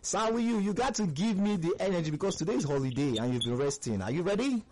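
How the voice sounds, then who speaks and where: Hyped young radio host. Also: male voice, high voice, fast. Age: young adult. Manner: energetic, hyped, slangy. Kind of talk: lively radio call-in show.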